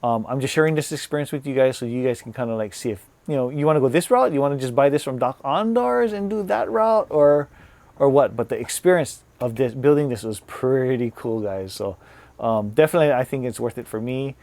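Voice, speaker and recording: A man's voice: medium pitch, expressive, brisk, a little mellow, no room sound. A man casually chatting to his viewers as a vlogger, rambling and restarting his sentences. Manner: rambling, repeats and restarts words, says "like" often. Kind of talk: casual product review chat.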